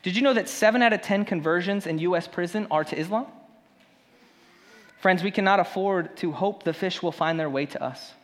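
Preaching man with a high voice. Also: a little fast, big-room sound. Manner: conversational preaching, swinging from loud emphasis to hushed. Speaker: pastor. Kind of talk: sermon.

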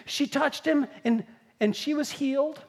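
A woman preaching a sermon with lively, storytelling energy. She acts out the quoted lines as she teaches. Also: high voice, unhurried, creaky.

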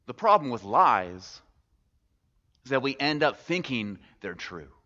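A man's voice: medium pitch, very animated, measured pace, sharp tone. A man preaching in a church, telling a story expressively, then reflecting on it. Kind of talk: sermon storytelling. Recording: dull recording with long hall reverb.

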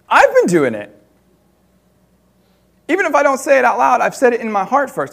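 A man preaching, telling a personal story in an animated way with laughter between loud and hushed moments. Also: extremely high pitch, moderate pace, gravelly.

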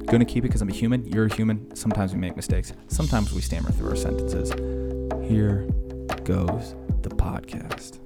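A man in his thirties with a very low voice hosts a solo podcast. He rambles and mocks himself, and he sounds a little wheezy after a workout. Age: 30s. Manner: rambling, self-mocking, talks to himself. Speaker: podcast host. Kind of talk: casual solo podcast monologue.

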